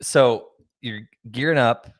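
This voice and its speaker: A man's voice: medium pitch, slow. A man hosting a podcast with an irritated throat, chatting casually and asking questions in bursts. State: irritated throat, clears it and coughs. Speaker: podcast host and interviewer. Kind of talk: casual conversation.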